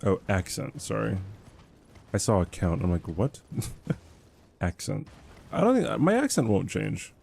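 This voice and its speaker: A man's voice: lowish voice, huge pitch swings, unhurried, vocal fry, pauses often, darkish tone, slight background noise. A young man livestreaming a game, chatting in a rambling, self-deprecating way and laughing often. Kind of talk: casual chat while gaming.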